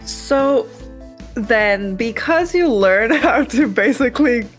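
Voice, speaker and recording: A woman's voice: on the high side, expressive, takes it slowly, soft background music. Woman, podcast host, enthusiastic, laughing, long rambling questions. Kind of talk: casual interview chat.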